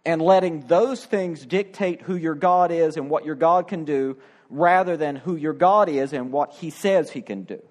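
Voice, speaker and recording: A man's voice: a little high, moderate pace, darkish tone. A middle-aged male pastor preaching a sermon, acting out the quoted voices with drama.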